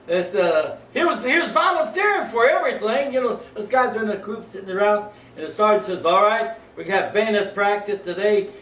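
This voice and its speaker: An elderly man in his eighties recalls army days in a rambling, folksy manner, his voice sitting high for a man. He chuckles often as he talks. The recording is roomy and taken from some distance, with faint ambience behind him. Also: lively intonation, brisk, hardly any pauses, a bit bright, a little hiss or hum. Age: 80s. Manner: rambling, folksy, peppered with "you know what I mean"; breaks into chuckles while telling stories. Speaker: World War II veteran. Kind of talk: oral history storytelling.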